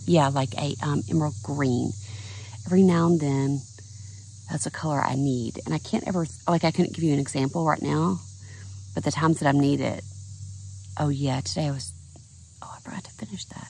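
A middle-aged woman vlogs about her painting in a loose, think-out-loud way. Her voice is low, scratchy and tired, with a heavy gravelly fry. She talks outdoors at a lakeside campground, with faint noise in the background. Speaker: artist vlogger. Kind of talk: casual vlog chat.

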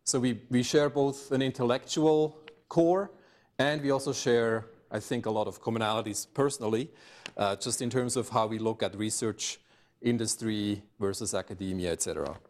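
A man's voice: mid-range voice, fairly even intonation, moderate pace, a little mellow. A man, the faculty director, casually introducing a guest speaker in a friendly, offhand way. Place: lecture room.

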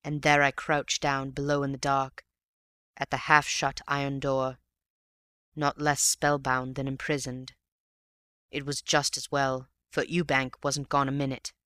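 A man narrating a story aloud in a measured storytelling manner. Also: mid-range voice, monotone, bright, forceful tone, smooth, no room sound, studio quality. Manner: measured storytelling, addressing a friend. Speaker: audiobook reader.

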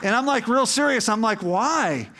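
High-voiced preaching pastor, conversational and rousing. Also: male voice, animated, normal speed, a bit bright. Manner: conversational, emphatic, builds to rousing appeals. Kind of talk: sermon.

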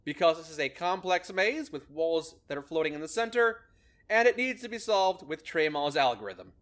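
A man's voice: fairly high pitch, animated, normal speed, fairly bright tone. A man hosting a gameplay video, explaining a maze-solving method in a casual, upbeat way and laughing often. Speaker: host explaining a maze algorithm in a game.

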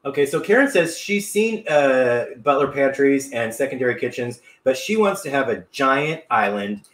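A man's voice: mid-range voice, very animated, normal speed, a bit bright, reverberant. A middle-aged man hosting a live cooking stream from his home kitchen, upbeat and chatty, reading viewer comments aloud. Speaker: cooking show host.

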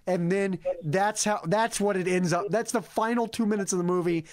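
A man's voice: sits high, a little fast. A man hosting a casual comedic movie review podcast, retelling the plot with acted-out quotes. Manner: animated storyteller who acts out characters' lines. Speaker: podcast host.

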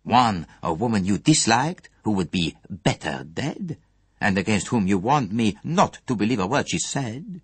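A shrewd, fastidious elderly detective, voiced by a male audiobook reader, laying out his case with calm, relentless care. The voice is husky and lively in its rises and falls. It is recorded close and dry. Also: fairly low pitch, no echo, full character voice. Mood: accusing, measured. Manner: measured, gently relentless. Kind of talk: audiobook character reading.

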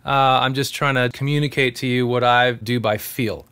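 A man's voice: mid-range voice, fairly even intonation, normal speed, a bit bright, smooth. A man teaching singing in a casual tutorial, explaining technique in an earnest, encouraging way. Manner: breaks into sung demonstrations between explanations. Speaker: singer teaching vocal technique.

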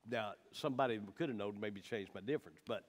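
A man's voice: fairly low pitch, fast talker. A man teaching the Bible in a folksy, emphatic way, with personal stories.

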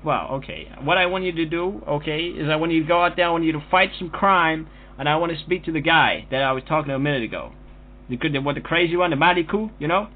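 A man's voice: fairly high pitch, fast. A man making a prank phone call, talking in a brash, taunting, profane way. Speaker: prank caller. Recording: tinny phone line with faint noise.

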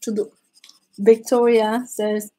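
A woman's voice: on the high side, level tone, slow, mellow, low-quality recording. A woman hosting a live drawing stream, chatting casually with viewers, laughing often and restarting her sentences.

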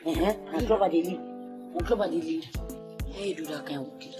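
A woman's voice: low voice, brisk, over music, natural voice, low-quality recording. A woman playing a devoted Nigerian student. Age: young adult. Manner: earnest, switches to Nigerian Pidgin. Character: devoted young female student in love. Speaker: university student. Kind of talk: Nollywood film acting.

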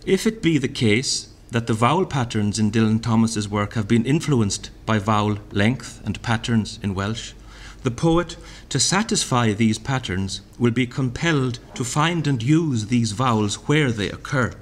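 A man reading a lecture aloud at a literary festival. He speaks deliberately, sounding out vowels and repeating lines he recites. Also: mid-range voice, lively intonation. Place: hotel function room.

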